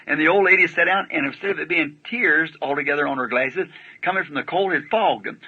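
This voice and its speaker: A man's voice: fairly high pitch, pushed and bright, breathy edge. A man preaching, telling a story in a folksy, plain-spoken way with rustic grammar, on a dull lo-fi archival recording. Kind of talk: sermon storytelling.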